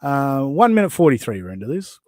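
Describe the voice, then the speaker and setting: A man's voice: mid-range voice, very animated, a little fast, darkish tone, dry recording. A man hosting a podcast, mocking and profane as he reacts to clips in casual chat. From Australia. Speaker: podcast host.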